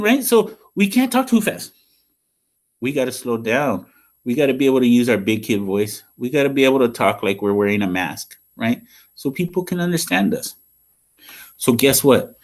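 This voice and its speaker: A man's voice: medium pitch, expressive, moderate pace. A man giving a patient, sing-song lesson to young children as a school counselor, checking in often with "okay?".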